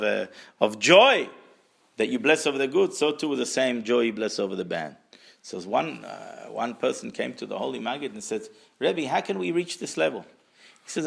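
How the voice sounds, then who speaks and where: A man teaching a Torah class in a gravelly voice at an ordinary pitch. He tells stories with animation and turns to his listeners with questions. He mixes Hebrew and Aramaic terms into his talk and repeats words as he searches for the next one. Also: a bit bright. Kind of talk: Torah class lecture with storytelling.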